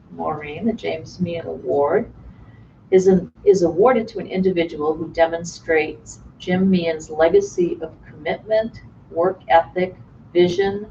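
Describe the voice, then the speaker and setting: A woman reading an award citation in a measured, formal way at a ceremony. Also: sits low, animated, creaky, warm tone, slight background noise. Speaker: award presenter. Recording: distant lo-fi room recording.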